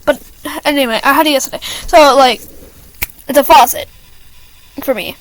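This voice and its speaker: A woman's voice: sits high, moderate pace, low-quality recording. A teenage girl ranting to camera about school, rambling with lots of fillers and restarts and stopping to apologize. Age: teens. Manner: apologetic asides. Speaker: student venting to camera. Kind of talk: casual rant.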